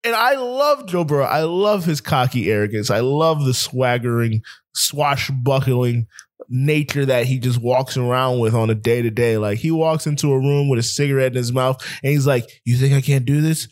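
Young guy on a sports podcast, heated and sweary, rants fast then laughs it off, mid pitch. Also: no echo, clean studio sound. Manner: heated, profane ranting with laughs. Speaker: podcast co-host. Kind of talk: casual sports podcast chat.

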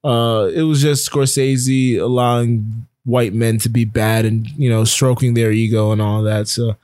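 A man's voice: medium pitch, flat delivery, unhurried, a little mellow, no room sound. Chatty young man recapping sports. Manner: chatty, restarts often, teasing. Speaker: podcast co-host. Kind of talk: casual sports chat.

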